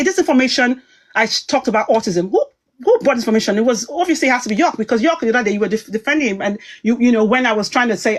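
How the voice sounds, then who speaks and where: A woman talking heatedly on a livestream, emphatic and rambling as she goes. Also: fairly high pitch. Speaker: online commentator.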